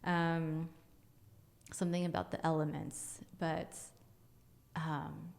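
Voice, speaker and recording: A woman's voice: sits low, level tone, slow pace, gravelly, a little mellow. A woman guest, an energy healer, telling a story casually, acting out scenes and laughing often.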